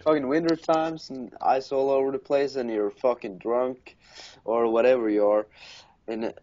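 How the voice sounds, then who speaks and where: A man's voice: mid-range voice, fairly even intonation, normal speed, dark tone. A man from Norway, casually telling profane, laughing stories as a podcast co-host. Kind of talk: casual chat. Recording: dull lo-fi recording.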